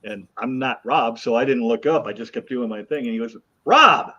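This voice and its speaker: A man's voice: mid-range voice, brisk. A middle-aged man hosting a casual chat, telling stories with lots of laughter and mimicking other people's voices. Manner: animated storyteller, mimics voices. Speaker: host. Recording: dull lo-fi audio.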